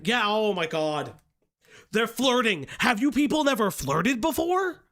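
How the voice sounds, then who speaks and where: A young man hosting a livestream, reacting with exasperated, profane commentary and shouting at his chat. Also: high voice, expressive, brisk. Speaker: stream host.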